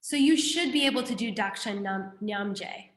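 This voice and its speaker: Animated woman teaching in a roomy space. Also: mid-range voice, normal speed. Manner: animated, conversational explaining with questions to the class. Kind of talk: classroom teaching on a Buddhist text.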